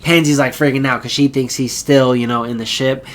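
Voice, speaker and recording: A man recapping an episode in a relaxed, rambling voice. He talks at an ordinary middle pitch and keeps slipping into quick character impressions before dropping back to plain chat. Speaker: anime reviewer.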